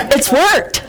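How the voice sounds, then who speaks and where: A woman's voice: high voice, poor audio. A woman from Buffalo, New York, preaching a sermon at a church and telling a humorous personal story with frequent laughter. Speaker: speaker at a church service. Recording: noticeable background noise.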